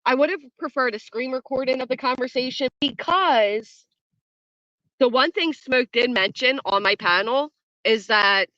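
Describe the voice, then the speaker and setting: A woman's voice: high voice, normal speed, pushed and bright, dry recording, muffled recording. Blunt, chatty woman streaming from home. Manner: chatty and blunt, swears freely, laughs often. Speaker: livestream host. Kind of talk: casual livestream commentary, talking to chat. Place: at home, early morning.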